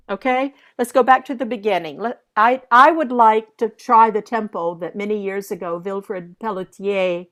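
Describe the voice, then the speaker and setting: An older woman coaches performers in a masterclass, speaking slowly and with measured care. Her instructions are direct and firm, and she often scats rhythms aloud to demonstrate phrasing. Her voice sits at an ordinary middle pitch. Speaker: vocal coach leading a masterclass.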